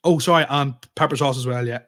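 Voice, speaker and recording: A man's voice: medium pitch, fast, sharp tone. A man, a comedian co-hosting a podcast, telling a story in casual chat and acting out both sides of the dialogue, with plenty of swearing.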